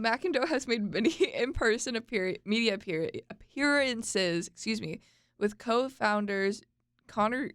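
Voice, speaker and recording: A woman's voice: on the high side, creaky, dry recording, studio quality. A young woman co-hosting a podcast, chatting casually, laughing and tripping over names as she explains a topic. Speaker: podcast co-host.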